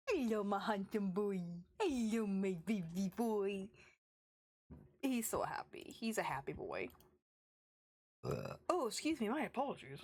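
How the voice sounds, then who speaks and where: A young woman streaming a game, chatting casually and cooing baby talk to her pets. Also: mid-range voice. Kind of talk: casual gameplay commentary. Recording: faint music behind.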